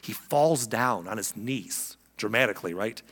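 A man preaching a sermon as pastor, animated and conversational, with frequent exclamations, in a church sanctuary. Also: on the low side, moderate pace, slightly rough. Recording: long reverb of a large hall.

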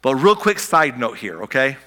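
A man delivers a sermon in a bright, forward voice, talking conversationally and often restarting his phrases. He lets key words sink low and soft for effect. The sound rings with the long reverb of a large hall. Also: big pitch swings, moderate pace. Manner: conversational preaching with restarts and soft dramatic drops. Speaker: pastor.

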